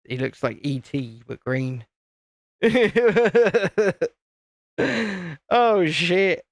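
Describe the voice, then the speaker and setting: A man's voice: medium pitch, creaky, no echo. Chatty man with a dry voice. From United Kingdom. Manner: rambling, self-interrupting, chatty. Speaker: live-stream host. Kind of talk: casual chat while building a set.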